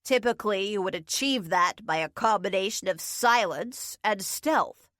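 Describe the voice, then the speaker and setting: A woman's voice: mid-range voice, normal speed, a bit bright, dry recording, close to an everyday voice. A woman voicing an aloof male wizard who speaks in a dry, formal, bored way.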